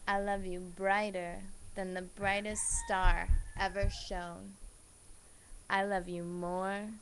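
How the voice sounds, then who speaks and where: Slow, gravelly-voiced woman reading a storybook. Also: on the low side. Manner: gentle, sing-song rhyming delivery. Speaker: parent reading a picture book aloud. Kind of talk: storybook read-aloud. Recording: faint hiss behind the voice.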